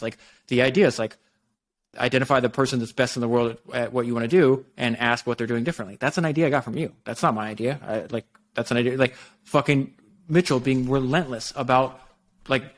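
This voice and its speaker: Dude talking super fast on a podcast, swears a lot, runs sentences together, middle pitch. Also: male voice. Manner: rapid, profane, run-on storytelling. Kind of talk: casual podcast conversation.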